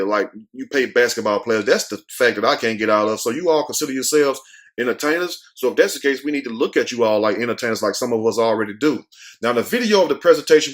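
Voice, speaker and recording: A man hosting a casual commentary show, reading news items aloud and riffing on them in a blunt, slangy, animated way. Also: medium pitch. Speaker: host.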